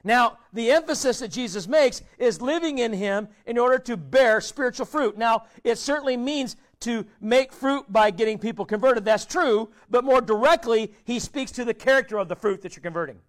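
High-voiced man preaching a sermon. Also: moderate pace, hardly any pauses. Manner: asks the congregation many questions, conversational preaching; drops voice low and quiet at ends of phrases. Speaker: pastor.

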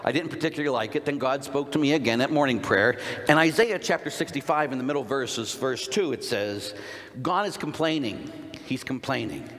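Male priest, mid-pitch voice, punchy conversational sermon, big hall reverb. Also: fairly quick. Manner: animated, conversational preaching with rhetorical questions. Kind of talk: sermon to a men's conference.

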